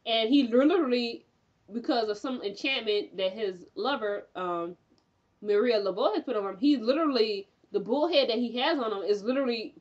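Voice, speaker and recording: A young woman recapping a TV episode in a chatty, animated way, with lots of fillers and frequent laughter. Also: fairly high pitch, moderate pace, dull audio. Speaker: TV recap reviewer.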